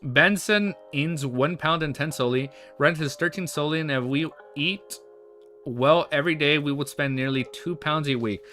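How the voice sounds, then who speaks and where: A male streamer reads a novel to his viewers, pausing often to react in an excited, casual way. His voice sits a little high and sounds bright and forceful. Soft music plays quietly behind him. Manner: reads narration steadily, then breaks off into excited chatty reactions. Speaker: livestreamer. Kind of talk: reading a web novel aloud on stream with reactions.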